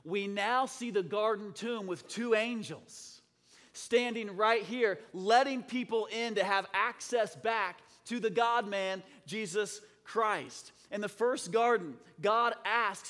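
A man preaching a sermon with a high voice, swinging from loud, impassioned calls to hushed, dramatic asides. The sound carries the long reverb of a big hall. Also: slow. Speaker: pastor.

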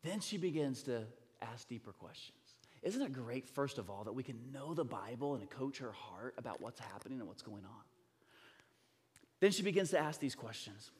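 A man in his thirties preaching a sermon, telling a story with acted-out voices and swinging from loud bursts to near whispers. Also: medium pitch, expressive, moderate pace, breathy edge. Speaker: pastor. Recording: long reverb of a large hall.

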